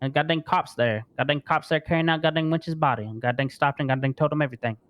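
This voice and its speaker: A man's voice: fairly high pitch, fast, a bit bright, lightly acted. A man voicing a rattled male crime witness in a role-play game, who stuffs the same curse word into nearly every phrase while giving a statement.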